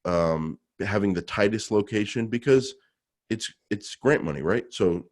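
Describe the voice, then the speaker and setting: A man's voice: lowish voice, measured pace. A man co-hosting a podcast, chatting casually in a jokey, self-assured way with loose restarts. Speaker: podcast co-host.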